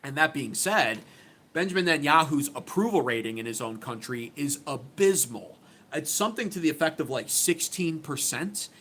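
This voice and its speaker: A man's voice: on the high side, animated, moderate pace, fairly bright tone, a little hiss or hum. A man hosting his own channel, giving opinionated political commentary in an emphatic, sarcastic way, often restarting his sentences. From United States.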